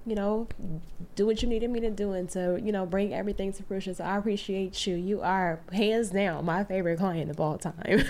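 A woman's voice: mid-range voice, fairly even intonation, a little fast, darkish tone, slight background noise. A woman hosting a podcast, chatting casually and effusively with her guest and laughing often. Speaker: podcast host. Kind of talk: warm casual interview chat.

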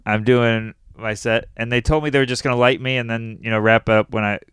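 A man's voice: medium pitch, steady tone, brisk, fairly bright tone, clear, resonant tone, no echo, studio quality. A young adult man, a comedian, telling a story in casual chat and laughing often at himself. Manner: laughs often while telling stories, self-deprecating.

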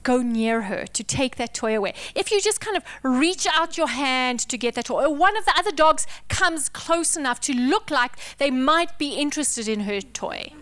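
A woman preaching a sermon, dramatic and emphatic, dropping to intense whispers and rising to loud declarations. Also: sits high, expressive, moderate pace, hardly any pauses, dry recording.

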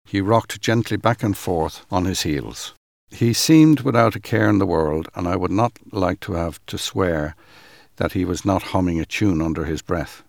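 Deep-voiced man reading a war memoir. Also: moderate pace, creaky, a little mellow, no echo, studio quality. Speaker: reader of a first-person account. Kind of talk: dramatic first-person memoir reading.

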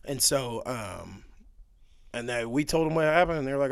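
Young male guest, animated chatty storyteller, mid-range voice, close dry recording. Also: mid-range voice, moderate pace, smooth, no room sound. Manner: animated, laughing storyteller with many fillers. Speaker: podcast guest. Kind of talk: casual storytelling chat.

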